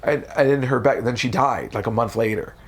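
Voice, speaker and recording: A man from the United States, a comedian telling stories in a casual interview, animated and profane. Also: a little fast. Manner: animated, profane, jumps into high voices for quotes. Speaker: comedian guest.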